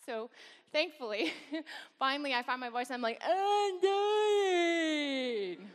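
High-pitched, bright, and forceful, a woman speaks at normal speed as guest speaker for a campus worship service. She recounts a personal story openly and with wry self-deprecation, the large worship hall adding long reverb.

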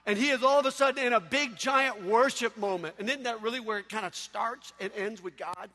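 A man preaching a sermon, telling stories in an animated way with sudden loud outbursts. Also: very high voice, brisk. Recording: echoey hall.

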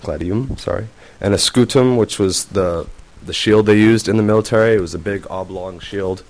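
A man's voice: lowish voice, normal speed, a little mellow. A man presenting to a class, hesitant and full of fillers. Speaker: student presenter.

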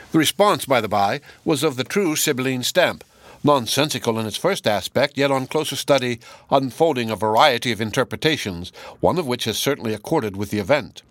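A man narrating a classic novel as an audiobook, reading long sentences in a measured, expressive way. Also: mid-range voice, dry recording. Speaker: audiobook reader.

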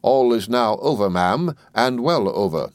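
A man voicing a mild, timid doctor who speaks softly and deferentially. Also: mid-range voice, very animated, unhurried, no echo, studio quality. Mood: meek soothing. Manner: soft, soothing, deferential.

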